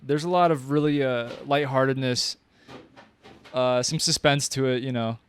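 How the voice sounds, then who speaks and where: A man's voice: mid-range voice, fairly even intonation, moderate pace, clear, resonant tone. A young man casually reviewing a movie, rambling with lots of fillers, slang and restarts.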